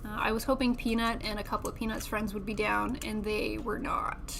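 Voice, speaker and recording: A woman's voice: mid-range voice, little pitch movement, fairly quick, creaky, background noise. A young woman streamer chatting casually and self-deprecatingly while building a model kit, laughing often.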